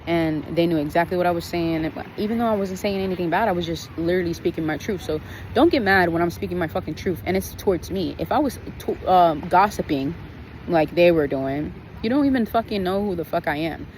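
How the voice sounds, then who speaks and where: A woman with a slightly low voice vents in a casual vlog, blunt and full of swearing. She talks outdoors, with faint traffic behind her. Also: a little fast, darkish tone, low-quality recording. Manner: blunt, profane, venting. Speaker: vlogger.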